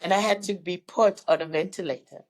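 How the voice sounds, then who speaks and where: A woman's voice: lowish voice, fairly quick, low-quality recording. A woman in her fifties from Zimbabwe, a guest recounting her life story in an interview and acting out the people she quotes. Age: 50s.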